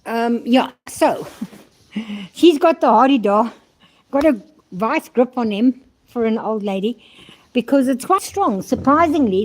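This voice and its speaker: A woman's voice: on the high side, a little mellow. An older woman from South Africa chatting casually in a vlog outdoors at a horse stable, rambling and talking fondly to her horses, recorded on a handheld phone. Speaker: vlogger.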